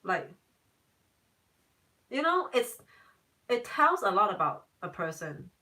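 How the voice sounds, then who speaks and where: A woman's voice: mid-range voice, big pitch swings, slow, bright, forceful tone, distant mic, poor audio. A young woman, a tarot reader, chatting casually on a live stream, emphatic and repeating herself.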